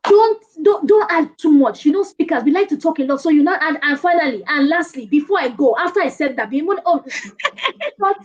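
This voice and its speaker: A woman giving speaking advice as a guest in a casual online interview, lively and playful, often laughing. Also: sits high, normal speed, highs cut off. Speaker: guest speaker, presentation coach.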